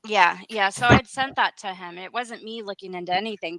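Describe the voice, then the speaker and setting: A woman's voice: medium pitch, moderate pace, creaky, few pauses, noisy background. A woman calling in to a show, talking in a casual, loose way with slips and restarts. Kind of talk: casual call-in chat.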